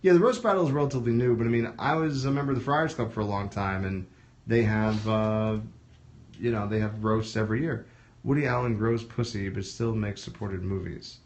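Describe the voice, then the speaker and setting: A man's voice: on the low side, fairly quick. A man hosting a casual live stream with comedians, reading viewer comments aloud and chatting loosely, with the odd swear. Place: comedy studio in Los Angeles.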